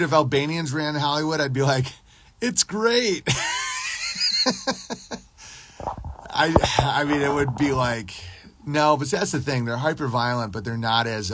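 A man's voice: medium pitch, fairly bright tone, slight background noise. A man hosting a casual livestream podcast, ranting in a crude, profane, rambling and boastful way while answering his live chat.

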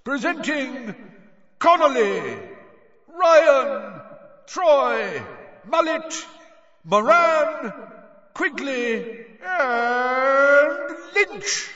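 A man voicing a showy male stadium announcer who calls out names loudly and draws them out. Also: very high-pitched, lively intonation, echoey room, in a large hall, pitched above the performer's own voice, heavily acted. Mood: announcing. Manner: loud, announcing, drawn-out names. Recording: dull lo-fi sound.

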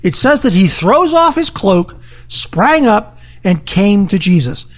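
A podcast co-host in a casual Bible discussion, talking in an animated way and acting out crowd voices. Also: medium pitch, slow.

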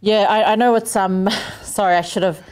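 A woman's voice: medium pitch, fairly even intonation, moderate pace, darkish tone, clear, resonant tone. A woman co-hosting a podcast, chatting casually with lots of ums and apologies. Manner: apologetic, rambling with many ums and laughs. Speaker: podcast co-host. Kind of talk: casual chat.

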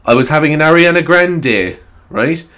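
A man's voice: fairly high pitch, lively intonation, normal speed, bright, forceful tone. A man with an Irish accent hosting his solo podcast, chatting casually in a rambling, self-mocking way with frequent swearing. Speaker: podcast host. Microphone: new microphone.

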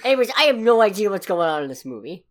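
A woman's voice: medium pitch, very animated, fast. A woman co-hosting a podcast, chatting casually with a sarcastic, ranting edge. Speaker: podcast co-host. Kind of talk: casual chat.

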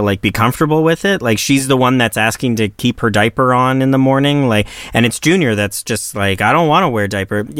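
A man's voice: medium pitch, a bit bright, smooth, dry recording, studio quality. A man co-hosting a casual parenting chat, thinking aloud with many restarts and fillers. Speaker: podcast co-host and father of twins.

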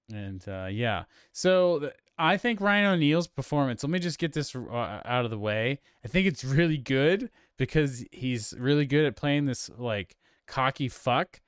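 Guy on a movie podcast, rambly, lots of ums, smooth voice, dry close mic. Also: mid-range voice, dry recording. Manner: rambling, many fillers and restarts, laughs easily. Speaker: podcast host. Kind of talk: casual film discussion.

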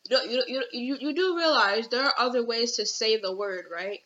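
A young woman rambles through casual commentary as a podcast host at home, restarting often and using many fillers. Her voice is on the high side and a bit bright at normal speed, and the recording is dull and lo-fi with faint noise.

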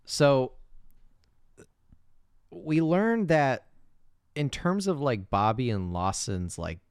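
A man's voice: mid-range voice, expressive, takes it slowly, smooth, dry recording, studio quality. A man co-hosting a podcast, casually chatting about a movie, laughing often and filling with "like.". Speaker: podcast co-host.

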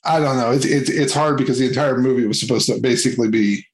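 A man's voice: medium pitch, fast, low-quality recording. A man hosting a casual movie review chat, rambling and hesitant with many fillers and restarts.

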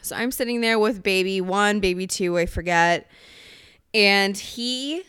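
A woman's voice: medium pitch, a little slow, a bit bright, clear, resonant tone, no room sound, studio quality. A woman hosting a podcast, chatting casually and telling a rambling, profane story. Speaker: podcast host. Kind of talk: casual chat.

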